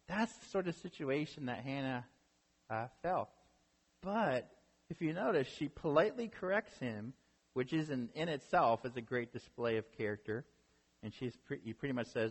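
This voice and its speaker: Animated and husky, a mid-range male voice preaches a sermon at normal speed. The pastor retells a story like a conversation and regularly asks listeners "right?" The hall gives it long reverb.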